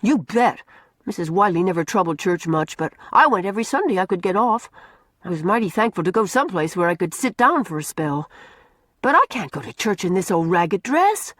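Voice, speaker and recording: A woman reading an audiobook voices a blunt, quick-tempered orphan girl who talks in folksy rural slang. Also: lowish voice, lively intonation, a bit bright, dry recording, clean studio sound.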